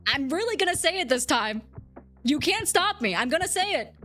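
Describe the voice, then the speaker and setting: A woman's voice: high-pitched, very animated, normal speed, fairly bright tone, faint music behind. A woman streamer chatting casually with her viewers, rambling and giggling as she answers chat.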